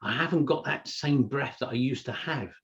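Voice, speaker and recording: A man's voice: medium pitch, normal speed, a bit bright, muffled recording. A man co-hosting a podcast, chatting casually and telling stories full of "you know". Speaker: podcast co-host. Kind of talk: casual chat.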